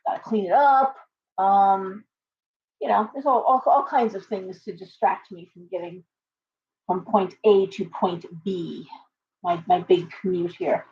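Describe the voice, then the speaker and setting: A woman's voice: medium pitch, creaky. A middle-aged woman hosting a casual live stream, chatty and rambling, poking fun at herself. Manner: chatty, rambling, self-deprecating. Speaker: livestream host. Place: home shop with pets. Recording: dull lo-fi stream audio with faint noise.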